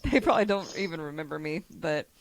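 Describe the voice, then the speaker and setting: A woman's voice: deep voice, lively intonation, fast talker. A woman raised in Kentucky, hosting a podcast in a rambling, giggly chat. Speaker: podcast host. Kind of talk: casual chat.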